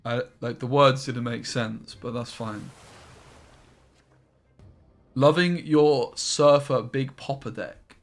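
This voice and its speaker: A man's voice: mid-range voice, slow pace, long pauses, soft background music. A young man casually commentating his card game on a live stream, chatting and reading chat aloud into a desk microphone.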